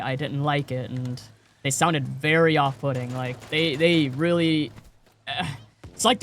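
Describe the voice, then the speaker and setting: A man's voice: medium pitch, fairly bright tone, a little hiss or hum. A man streaming and chatting casually with viewers, rambling with many repeated words and fillers. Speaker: game streamer.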